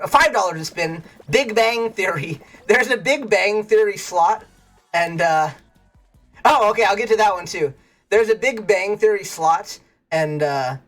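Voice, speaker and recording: A streamer in a casual livestream chat, telling rambling stories, laughing often and greeting viewers in chat. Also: mid-range voice. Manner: animated, rambling storyteller.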